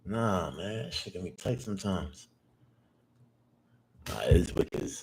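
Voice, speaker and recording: A young man with a fairly low speaking voice talks to himself while day trading, cursing constantly in loose slang. He keeps repeating himself, then breaks into high-pitched excited shouts whenever a trade moves. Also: measured pace, slight background noise. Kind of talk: live trading vlog, talking to himself.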